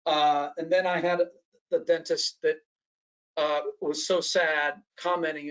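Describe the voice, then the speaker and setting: A man's voice: fairly high pitch, little pitch movement, measured pace, a bit bright, clear, resonant tone, lo-fi sound. A man presenting a training workshop in a lecture style. He talks animatedly, often restarts his sentences and acts out the voices of the people he quotes.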